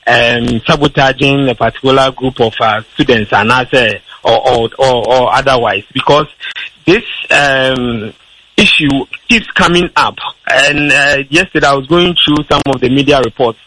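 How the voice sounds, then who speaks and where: A man with a school-age child appears as a guest on a radio talk show, firmly arguing his position while restarting often and leaning on fillers. His mid-range voice moves at normal speed, with a bright, forceful tone and a breathy edge, and the audio quality is poor.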